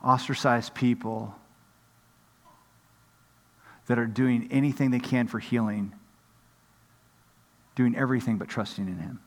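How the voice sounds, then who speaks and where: A man's voice: mid-range voice, fairly even intonation, moderate pace, in a large hall. A man preaching a sermon as pastor, acting out the voices of people in the story.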